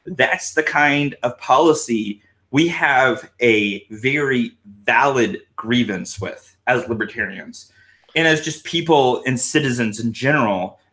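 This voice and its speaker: A man's voice: mid-range voice, unhurried. A drunk man rambling and swearing freely as a guest on a casual livestream panel, speaking over a computer mic. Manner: rambling, swearing, animated hand gestures. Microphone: computer mic on a video stream.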